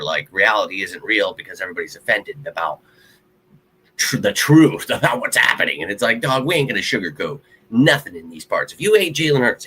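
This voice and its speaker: A man's voice: on the low side, bright, forceful tone, breathy edge, low-quality recording. A man hosting his own live sports show, rambling bluntly and heatedly about his football team to viewers. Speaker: sports podcast host. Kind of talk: casual fan commentary to a live stream.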